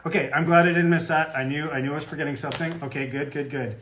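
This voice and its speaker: A man talks through a live fan Q&A, rambling from point to point and cracking self-deprecating jokes. His voice sits slightly high for a man and carries an easy, conversational tone. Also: steady tone, quick pace, fairly bright tone, slight background noise. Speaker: guest voice actor at a fan autograph Q&A. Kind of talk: casual live-stream chat.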